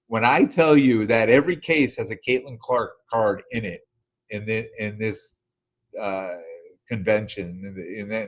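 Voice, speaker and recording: A middle-aged man hosting a podcast, giving a casual, rambling recap full of fillers and restarts. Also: on the low side. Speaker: podcast host.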